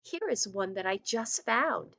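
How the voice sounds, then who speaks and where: A woman reading aloud as a friendly male raccoon in a children's storybook, speaking quickly and matter-of-factly. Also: mid-range voice, animated, vocal fry, a bit bright, no room sound, heavily acted.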